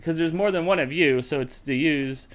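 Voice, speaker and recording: A man's voice: on the high side, normal speed. A man hosting a casual gaming stream, joking with friends and reading viewer messages aloud. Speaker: streamer host.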